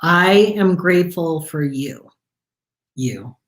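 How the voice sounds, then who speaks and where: A woman with a lowish voice talks warmly and emotionally, addressing her viewers directly on a live stream. She is effusive and heartfelt. The sound is roomy, with a noticeable echo. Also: animated, slow. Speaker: co-host of a live mindset show. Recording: echoey room.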